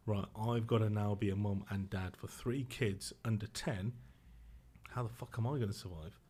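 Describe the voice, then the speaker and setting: A middle-aged man, a podcast guest telling a personal story in a subdued, halting, emotional way with restarts. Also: fairly low pitch, steady tone, a little mellow, slightly rough.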